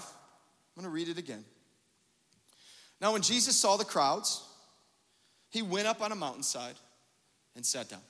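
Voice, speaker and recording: A man preaching a sermon as pastor, telling a story with lively quoted dialogue. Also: sits high, long reverb tail.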